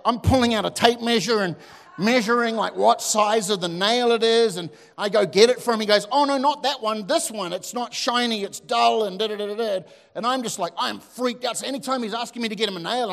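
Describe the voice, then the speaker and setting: A man, preaching a sermon as a pastor, telling lively stories with asides to the congregation. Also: high voice, vocal fry. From New Zealand. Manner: animated storytelling with asides to the audience. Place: church hall. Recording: long hall reverb.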